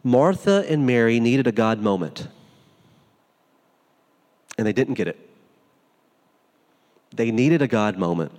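A man's voice: mid-range voice, expressive, slow, long pauses, darkish tone, big-room sound. A man preaching a sermon as pastor, in an informal, conversational way that is full of asides.

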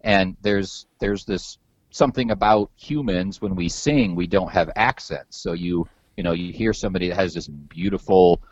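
A man's voice: low voice, normal speed, no room sound, highs cut off. A man hosting a podcast in casual chat, rambling and loose with some swearing and many repeated words. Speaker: podcast host.

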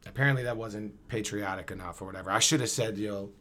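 A man tells a long personal story in a relaxed, slangy way. He keeps acting out both sides of the conversation, and his voice sits a little low. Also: fast. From Camden, New Jersey. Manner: animated, slangy, acts out dialogue. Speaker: guest. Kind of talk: casual storytelling.

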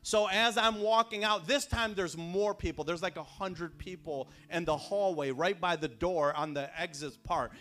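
A man preaching a sermon, telling personal stories and building to fervent shouts. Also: high-pitched, moderate pace, hardly any pauses, faint music behind.

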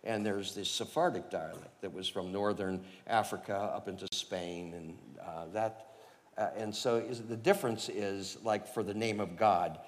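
A man preaching and telling his own conversion story, animated and chuckling, with lots of fillers. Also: lowish voice, moderate pace, big-room sound. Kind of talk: personal testimony storytelling.

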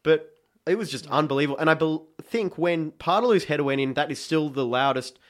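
An Australian man telling a football match story in a casual chat, animated and acting out shouts. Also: fairly high pitch, fairly quick.

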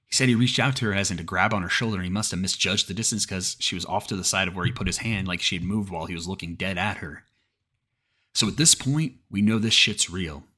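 A man's voice: low voice, fast talker, pushed and bright, slightly rough. A man narrating a creepypasta horror story in a cursing, casual way, often restarting mid-sentence.

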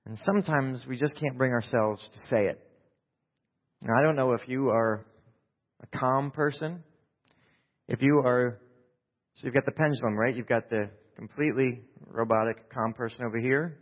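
Calm, low-key male preacher in a hall. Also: moderate pace, long pauses. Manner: calm, low-key, self-deprecating delivery with many fillers. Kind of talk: sermon. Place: church sanctuary during a service. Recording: echoey hall, dull lo-fi sound.

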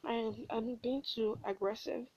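A woman's voice: fairly high pitch, unhurried, creaky, husky, dry recording. Blunt, rambling young woman. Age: late teens. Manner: rambling, blunt and profane, laughing at herself. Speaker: podcast host. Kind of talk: candid solo podcast monologue. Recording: dull, dry lo-fi home recording.

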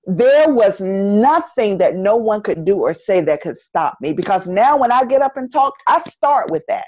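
A woman's voice: mid-range voice, big pitch swings, normal speed, darkish tone, no echo, lo-fi sound. A middle-aged woman with a Southern North Carolina accent, talking earnestly as a podcast guest and repeating phrases for emphasis. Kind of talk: casual interview conversation.

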